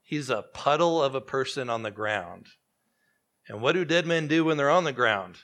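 Male preacher, mid-pitched, lively delivery that falls quiet on key lines. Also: moderate pace. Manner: animated, conversational, with sudden hushed drops. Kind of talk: sermon.

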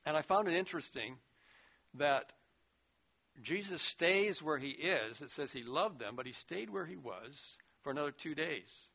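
A man preaching a sermon, earnest, rising to loud emphasis and dropping to a hushed voice. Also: fairly high pitch, animated, measured pace, gravelly, breathy edge. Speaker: pastor.

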